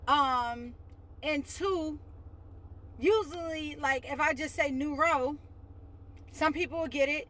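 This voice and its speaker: Blunt high-voiced New York woman ranting. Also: slow, pauses often, fairly bright tone. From Westchester, New York. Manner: blunt, exasperated, swears freely. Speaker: vlogger. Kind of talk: casual rant to camera.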